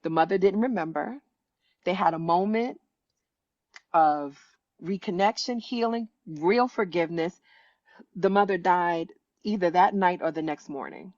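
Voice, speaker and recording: Guest storyteller: woman, fifties, lower-pitched voice, dry slightly muffled sound, animated and earnest. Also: unhurried, no echo. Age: 50s. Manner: animated, acts out quoted voices with pitch jumps, many restarts. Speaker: author and educator, guest. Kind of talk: conversational storytelling.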